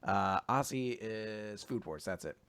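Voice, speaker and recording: A man co-hosting a casual recap podcast, animated and laughing often, acting out characters' lines in exaggerated voices. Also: lowish voice, a little slow, clear, resonant tone. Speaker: podcast co-host.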